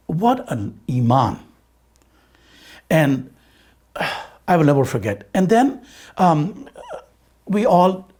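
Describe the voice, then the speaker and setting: A husky-voiced man tells a personal story in an interview, with his pitch swinging lively up and down. He trades quoted lines back and forth as he goes, and he sounds a little emotional. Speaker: interviewee recalling a friend.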